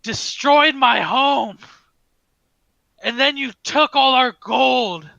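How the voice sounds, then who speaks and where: A man voicing a furious dwarf who shouts in bursts about his family's stolen gold. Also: very high voice, takes it slowly, creaky, no echo, muffled recording, pitched above the performer's own voice, heavily acted.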